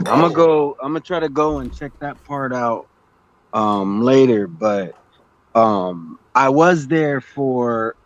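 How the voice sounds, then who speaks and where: A man joining a livestream as a guest, speaking hesitantly with many pauses and ums. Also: mid-range voice, animated, no echo. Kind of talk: casual livestream chat. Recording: muffled call-in audio.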